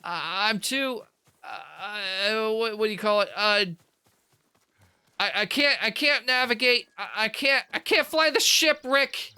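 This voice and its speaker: A man's voice: high-pitched, a little slow, bright, forceful tone, clean tone, pitched above the performer's own voice, full character voice. A man putting on the voice of a nervous, stammering teenage boy who keeps muttering jeez while he plays a game. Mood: flustered.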